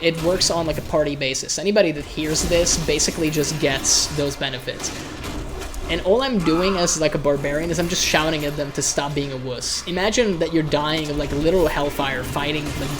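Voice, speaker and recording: A man's voice: a little high, fairly quick, over music. A man giving loose, irreverent live commentary while streaming a game, often repeating a word as he restarts a thought.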